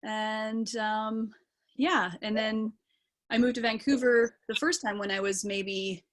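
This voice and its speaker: A young actor and singer from British Columbia, Canada, speaks slowly in a slightly high, level voice. She's an interview guest on a video call, chatting casually and rambling with lots of ums and yeahs.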